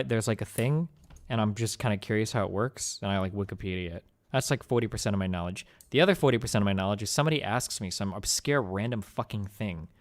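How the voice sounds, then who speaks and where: A young man streaming, talking casually and bluntly with lots of swearing and rambling fillers. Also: on the low side. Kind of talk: casual profane chat on stream.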